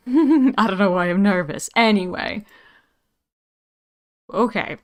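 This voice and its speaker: A woman's voice: medium pitch, slow pace. A woman streaming a game, chatting casually, giggling and jittery as she gets set up. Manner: giggly and jittery, laughs between lines. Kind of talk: casual livestream chat.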